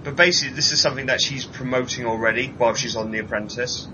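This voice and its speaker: A man co-hosting a casual chat show, ranting animatedly and mocking people in put-on high voices. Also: steady tone, fast talker, sharp tone, dull audio, slight background noise. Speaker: podcast co-host.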